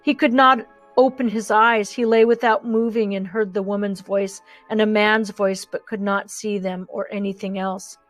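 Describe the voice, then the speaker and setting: A woman narrating a children's novel in a gentle, measured way. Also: medium pitch, fairly even intonation, dry recording, faint music behind. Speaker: audiobook narrator. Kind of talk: audiobook narration.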